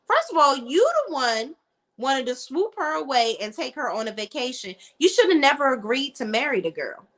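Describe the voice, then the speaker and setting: A woman's voice: on the high side, big pitch swings, normal speed, fairly bright tone. A woman giving a casual, blunt and slangy recap of a TV episode, full of her own opinions as a show reviewer.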